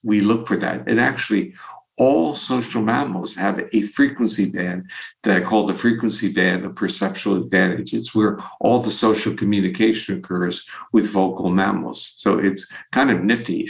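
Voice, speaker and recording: A man, a guest on a podcast, explaining research in a measured, conversational way and chuckling now and then. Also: fairly low pitch, gravelly. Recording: dull lo-fi audio.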